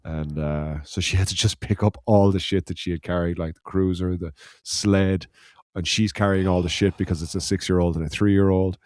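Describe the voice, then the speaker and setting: A man's voice: low-pitched, fairly even intonation, normal speed, a little mellow, no room sound, clean studio sound. A man from Ireland, a podcast co-host, telling a rambling anecdote in casual chat, laughing and swearing as he goes.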